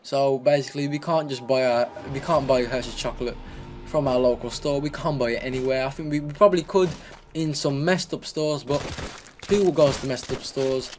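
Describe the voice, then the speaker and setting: A man's voice: mid-range voice, steady tone, moderate pace, darkish tone, faint music behind. A young man giving casual, rambling gameplay commentary, often repeating words and restarting his sentences. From Britain. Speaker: gaming commentator.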